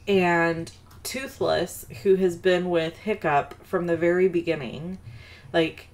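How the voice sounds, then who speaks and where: A woman's voice: on the low side, fairly even intonation, slow pace. A woman hosting a card-making video, chatting casually and rambling into a personal story with self-deprecating asides. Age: adult mother of a daughter.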